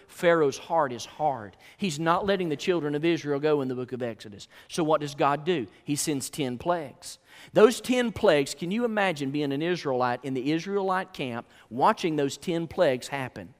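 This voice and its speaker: A man preaching a sermon, telling a story with folksy asides and repeated rhetorical questions. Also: a little high. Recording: echoey hall.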